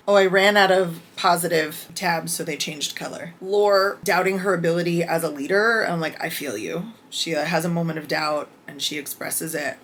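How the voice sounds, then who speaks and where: A woman giving a casual book review vlog, candid and excitable, reading out her notes with bursts of swearing. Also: sits low, a little hiss or hum.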